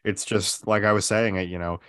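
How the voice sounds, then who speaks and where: Speaking a little fast in a smooth, fairly low voice, this male podcast host keeps things relaxed and conversational, leaning heavily on fillers like "like" and "uh." The recording is studio quality with no room sound.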